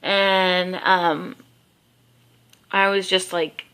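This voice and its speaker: A woman's voice: on the low side, flat delivery, drawn-out words, fairly bright tone, clean tone. A woman telling a rambling story in a casual vlog at home, just woken up, with many fillers. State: just woke up. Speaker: vlogger. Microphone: handheld camera.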